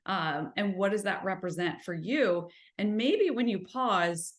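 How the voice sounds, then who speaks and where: A woman's voice: mid-range voice, echoey room. A woman hosting a self-help podcast, talking earnestly in a coaching tone and asking her listeners rhetorical questions. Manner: slows and softens when describing gentle listening. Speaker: podcast host.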